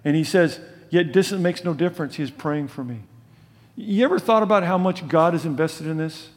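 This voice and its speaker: A brisk sermon from an older pastor fills a large hall, delivered in a conversational style. He keeps asking his audience questions, sliding from loud emphasis down to soft, low asides.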